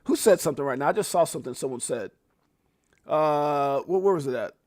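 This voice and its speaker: A man hosting a livestream, talking excitedly to his chat and repeating himself. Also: a little high, fairly quick, no room sound, clean studio sound. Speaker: livestream host.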